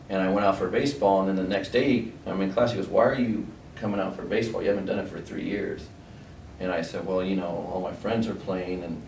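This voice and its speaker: Recalling his school years, a middle-aged former athlete tells relaxed, meandering anecdotes in a low, creaky voice, packed with fillers and reported speech. It's recorded from a distance in a roomy space with faint noise.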